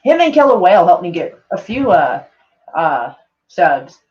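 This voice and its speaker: Casually chatting on a livestream, a woman with a fairly low, very animated voice speaks a little slowly. She rambles, pokes fun at herself and curses freely, all captured in dull lo-fi audio.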